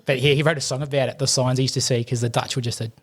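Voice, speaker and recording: A man's voice: mid-range voice, steady tone. A middle-aged Australian man, a podcast guest, telling rambling war anecdotes in casual chat. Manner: rapid, rambling anecdotes with laughter. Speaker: podcast guest, army veteran and firefighter.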